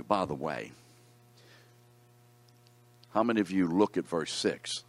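A man's voice: low voice, animated, slow, long pauses. A man teaching a Bible class, reading scripture aloud and putting questions to his students in a conversational way.

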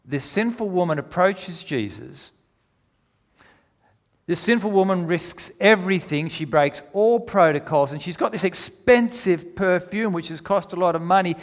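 Animated preacher in a reverberant hall. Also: male voice, sits high, measured pace. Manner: animated storytelling, rises to near-shouting when retelling. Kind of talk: sermon.

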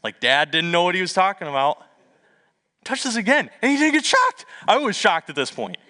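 A middle-aged male pastor preaching a sermon, telling stories in a lively way with humorous asides. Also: sits high, normal speed. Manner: lively storytelling with asides and self-deprecating humor.

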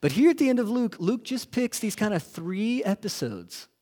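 A pastor's sermon comes in a high voice with big pitch swings and a moderate pace. He asks the congregation questions, swinging between loud stresses and hushed passages.

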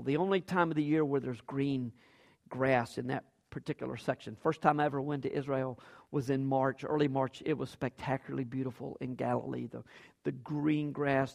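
A man's voice: on the high side, creaky. A man preaching a sermon as pastor, acting out quoted lines with big jumps in his voice.

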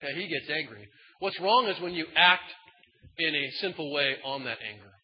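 A man preaching with a slightly high voice, swinging from loud emphatic bursts to quiet asides in a casual, folksy way. His voice carries a long reverb from a large hall. The sound is somewhat muffled and dull. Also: animated, normal speed. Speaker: pastor. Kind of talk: sermon.

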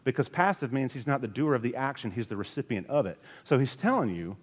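A male pastor preaching a sermon with earnest emphasis, his voice rising to strong peaks and dropping low. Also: big pitch swings, normal speed. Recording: long reverb of a large hall.

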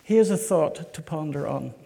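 A man pastor preaching a sermon, slow and emphatic, putting rhetorical questions to his congregation. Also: fairly high pitch, animated, gravelly, dark tone. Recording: echoey hall.

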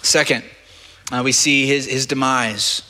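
A man's voice: mid-range voice, steady tone, unhurried, pushed and bright. A male pastor preaching a sermon in a conversational way, often stumbling and repeating words. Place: church sanctuary. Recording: long reverb of a church hall.

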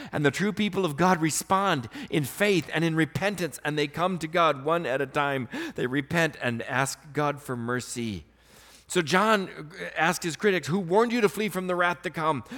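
A man preaching a sermon as pastor, earnest, swinging between emphatic raised passages and quiet, softly spoken stretches. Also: fairly high pitch. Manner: earnest preaching, rising to emphatic bursts then dropping soft.

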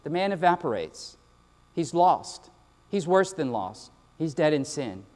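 A male pastor delivers a sermon in a high voice, driving home each point with repetition and voicing imagined replies. The sound carries the long reverb of a big church sanctuary. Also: very animated, measured pace, a little mellow. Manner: emphatic, repetitive preaching with quoted asides.

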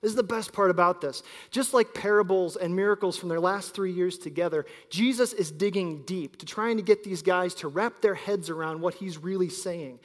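A man in his thirties preaching a sermon as pastor, telling stories and swinging between loud emphasis and quiet asides. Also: high-pitched, normal speed, few pauses. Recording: long hall reverb.

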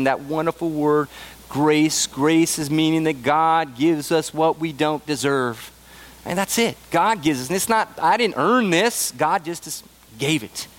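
A man preaching a sermon in a high voice. He talks earnestly and emphatically, climbing into excited bursts and then falling back to soft, low asides. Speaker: pastor.

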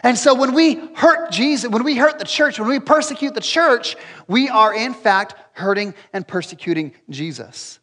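High-voiced man preaching in a reverberant hall. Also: lively intonation, moderate pace, bright, forceful tone. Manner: earnest, repeats phrases for emphasis. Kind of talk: sermon.

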